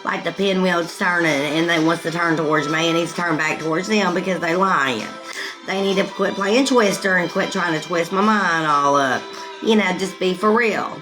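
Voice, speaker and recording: A woman's voice: fairly low pitch, moderate pace, low-quality recording. Woman livestream host, very talkative, rambling, laughs a lot, music in the background. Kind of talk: casual livestream chat.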